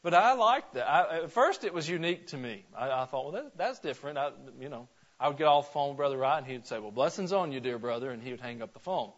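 Man from Georgia, pastor type, slightly high voice, folksy conversational preaching, lo-fi church recording. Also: expressive, fast talker, fairly bright tone. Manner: folksy, asks the congregation questions, frequent restarts. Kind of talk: conversational sermon. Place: church sanctuary.

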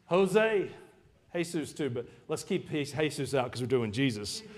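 Joking, conversational pastor preaching a sermon. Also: male voice, medium pitch, normal speed, slight background noise. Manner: stumbles and repeats words. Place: church service before a congregation.

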